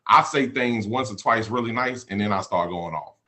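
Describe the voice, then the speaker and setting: A man's voice: on the low side, moderate pace, sharp tone. A man on a discussion panel, speaking candidly and repeating words as he thinks. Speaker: panel guest.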